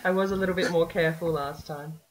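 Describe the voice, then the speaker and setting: A woman's voice: fairly low pitch, fairly even intonation, quick pace. A woman chatting casually while playing an online drawing game, teasing, laughing often and swearing freely. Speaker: gaming channel host. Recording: faint background noise.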